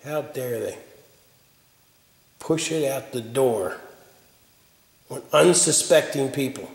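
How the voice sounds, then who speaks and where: Gruff older man ranting, gravelly. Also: medium pitch, slow pace. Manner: gruff, ranting and blunt, given to cursing. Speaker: hobby drone reviewer. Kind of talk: casual video review rant. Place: garage. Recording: echoey room with long reverb.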